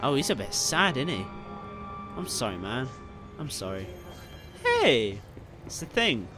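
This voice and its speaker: A young man commentating his gameplay casually, excitable, often swearing and yelling at enemies. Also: mid-range voice, unhurried, over music. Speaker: gameplay streamer.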